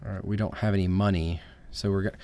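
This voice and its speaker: A man with a Southern US accent giving casual commentary over a game in a relaxed, thinking-aloud way. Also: sits low, fast, no echo. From American South. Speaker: let's play host.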